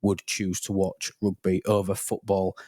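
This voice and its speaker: A man's voice: low voice, monotone, a little slow, mellow, no echo, clean studio sound. Opinionated man hosting. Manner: opinionated, teasing, emphatic. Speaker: podcast host. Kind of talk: casual panel chat.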